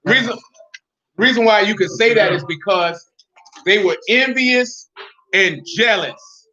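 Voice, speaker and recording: High bright-voiced man teaching scripture bluntly. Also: measured pace, dull audio. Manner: blunt, emphatic, slangy, rises to shouting. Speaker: Bible teacher. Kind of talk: informal Bible teaching.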